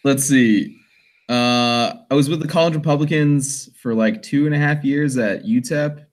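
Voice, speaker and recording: A man's voice: medium pitch, measured pace. A young man introducing himself on a stream, easygoing and hesitant, with many fillers. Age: young adult. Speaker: stream guest. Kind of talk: casual self-introduction.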